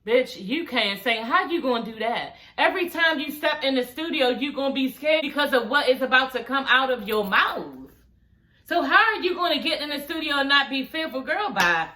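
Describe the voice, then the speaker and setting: A woman's voice: sits high, animated, normal speed, sharp tone, roomy sound. A woman giving a casual, blunt recap of a reality show, talking straight to her viewers and swearing freely.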